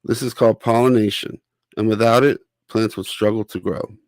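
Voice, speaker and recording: A man's voice: lowish voice, fairly even intonation, normal speed, dry recording, lightly acted. A man voicing a friendly female queen honeybee in a children's storybook, speaking in a patient, teaching way. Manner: patient, instructive storybook speech. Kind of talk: reading a children's picture book aloud.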